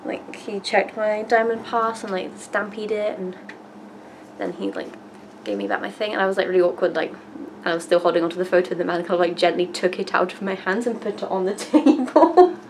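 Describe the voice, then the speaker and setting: A young woman vlogging in a loose, rambling way, leaning on "like" and casual swearing. Her voice sits at an ordinary mid pitch. A faint hum runs underneath. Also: brisk, a little mellow, low-quality recording. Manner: chatty, filler-heavy, swears casually. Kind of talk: casual storytelling.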